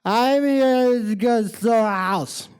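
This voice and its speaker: A storyteller doing a loud, drunk, demanding female pop star. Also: mid-range voice, takes it slowly, clean tone, dry recording, pitched above the performer's own voice, natural voice.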